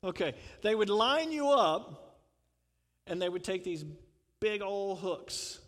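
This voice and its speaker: A man's voice: sits high, animated, takes it slowly, a bit bright, long reverb tail. A man preaching a sermon in a conversational way, putting questions to the congregation and chuckling. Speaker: pastor.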